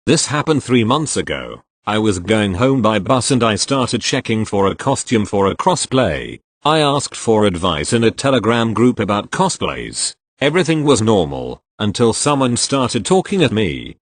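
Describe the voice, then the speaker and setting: Low-voiced male story reader. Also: dry recording. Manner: even, matter-of-fact reading with spelled-out abbreviations. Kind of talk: scripted narration of online posts.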